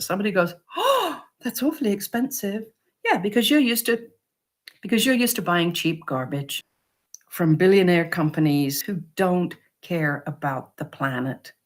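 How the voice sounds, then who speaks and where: A woman's voice: on the low side, moderate pace. Encouraging woman giving pricing advice. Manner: encouraging, lively, acts out customer quotes. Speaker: upcycled clothing maker and vlogger. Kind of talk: casual advice to camera.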